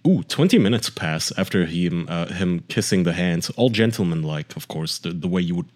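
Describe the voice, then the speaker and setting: Deep-voiced young guy on a podcast, dry sarcastic comments. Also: lively intonation, normal speed, a little mellow. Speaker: podcast co-host. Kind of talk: casual podcast chat.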